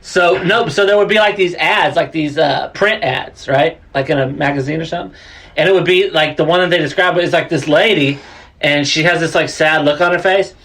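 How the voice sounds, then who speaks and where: Crude, joking man with a higher voice. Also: brisk, a bit bright. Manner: crude, profane joking with many fillers. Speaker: podcast co-host. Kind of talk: casual chat.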